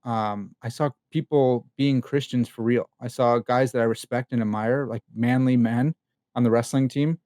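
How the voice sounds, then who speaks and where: A young man as a podcast guest, telling personal stories in a candid, animated way full of casual slang and fillers. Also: medium pitch, moderate pace, no echo, clean studio sound. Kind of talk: casual conversation.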